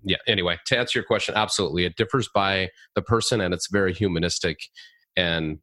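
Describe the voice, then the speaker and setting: A man chatting as a podcast guest, telling lively stories and laughing often. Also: low-pitched, quick pace, no room sound, studio quality. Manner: animated storyteller, laughs often. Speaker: podcast guest, comedy consultant. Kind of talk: casual interview chat.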